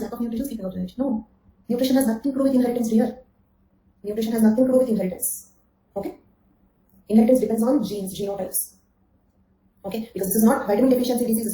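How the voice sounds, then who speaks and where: Woman, teacher, fairly high voice, repeats herself, asks "right?", echoey room. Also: dark tone. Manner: repeats key phrases, checks understanding with "okay?" and "right?"; addresses students by name. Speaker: anthropology teacher. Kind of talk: online exam-coaching lecture.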